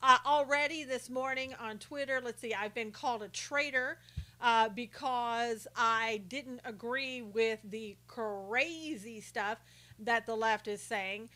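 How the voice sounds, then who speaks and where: A woman's voice: on the high side, slow, sharp tone. A woman hosting a casual live stream who greets viewers by name, reads their comments aloud and talks indignantly about rude reporters.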